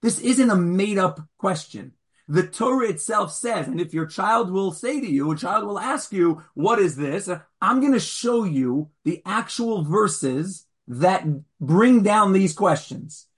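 Man, rabbi, online class, Socratic questioning, lively intonation, husky, video call. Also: high-pitched, measured pace. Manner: challenging, Socratic, animated. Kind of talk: interactive online Torah class.

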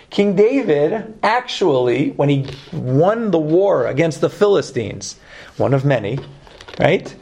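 A man with a Brooklyn accent teaching a Torah class, lively, joking and putting questions to his students. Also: a little high, vocal fry.

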